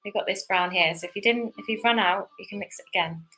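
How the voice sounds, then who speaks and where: A woman's voice: medium pitch, fast talker, sharp tone, faint music behind, rough recording. A young woman giving a chatty, encouraging step-by-step painting lesson for kids while she paints. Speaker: painting instructor.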